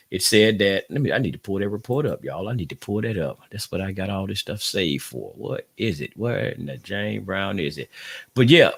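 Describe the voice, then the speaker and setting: A man's voice: lowish voice, vocal fry, no echo, clean studio sound. A man hosting a casual livestream podcast, rambling and talking straight to his listeners. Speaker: podcast host.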